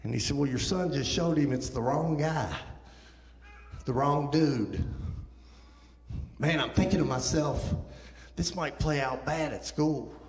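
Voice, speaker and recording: Guest preacher, man in his fifties, animated storyteller who acts out his quotes, in a reverberant sanctuary. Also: a little high, unhurried, long pauses. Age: 50s. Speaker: guest speaker. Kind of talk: sermon testimony storytelling. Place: church sanctuary. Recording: echoey church hall.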